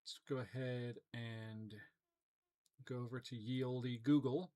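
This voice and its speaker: A man's voice: medium pitch, slow. A man casually commenting on his gameplay during a live stream, chatting with viewers and reading their messages aloud. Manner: relaxed, chatty, reads chat messages aloud. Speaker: gaming streamer.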